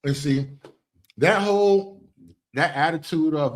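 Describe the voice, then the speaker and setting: A man's voice: on the high side, animated, moderate pace. A man hosting a reaction commentary show, talking in an opinionated way and often restarting his phrases. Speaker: commentary host.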